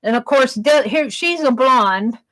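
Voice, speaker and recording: Her voice sits high and sounds fairly bright, moving a little slowly, on a rough recording. She's a Wisconsin woman chatting on a live art stream, describing her sketch and reading viewer comments out loud.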